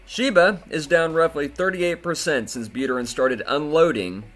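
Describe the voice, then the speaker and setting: A man's voice: a little high, normal speed, a bit bright, faint music behind. A man hosting a crypto commentary video, talking in an indignant, profane way and often repeating himself. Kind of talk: angry commentary rant.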